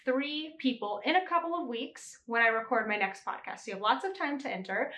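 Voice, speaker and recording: A woman's voice: fairly high pitch, fairly bright tone, roomy sound. A young adult woman hosting a knitting podcast, chatting casually and laughing now and then as she corrects herself. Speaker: podcast host. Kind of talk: casual chat.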